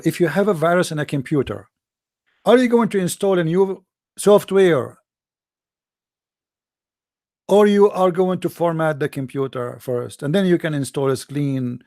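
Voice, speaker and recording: A man's voice: on the high side, darkish tone, dry recording, clean studio sound. A man hosting a debate show, talking in a mocking, argumentative live-stream monologue.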